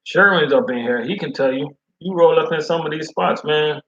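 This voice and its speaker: A man who is a food service delivery driver, chatting casually in slangy, animated talk. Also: fairly high pitch, moderate pace, lo-fi sound. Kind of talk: casual chat.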